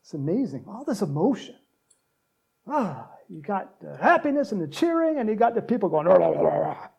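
A man preaching a sermon, joking with the congregation and breaking into loud shouts to act out cheering crowds. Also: high-pitched, sing-song, moderate pace. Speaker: pastor.

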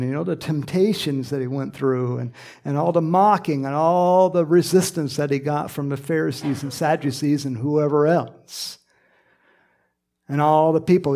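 A man's voice: fairly high pitch, mellow. A man preaching a conversational sermon, acting out quoted lines and dropping at times to a whisper. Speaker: pastor.

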